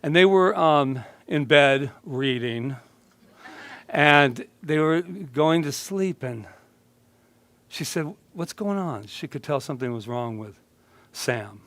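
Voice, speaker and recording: A man minister delivering a loose, conversational sermon, joking and laughing between points. His voice sits a little higher than most men's and sounds close and dry, with hardly any room echo. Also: expressive, takes it slowly, long pauses, fairly bright tone. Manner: playful, chatty, laughing often. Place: church sanctuary.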